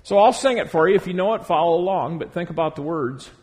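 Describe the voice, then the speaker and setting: Seorang pria berkhotbah dengan tegas, suara agak tinggi. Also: male voice, fairly high pitch, expressive, a little mellow. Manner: emphatic, stretching key words slowly. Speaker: pastor. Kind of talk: sermon. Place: church before a congregation.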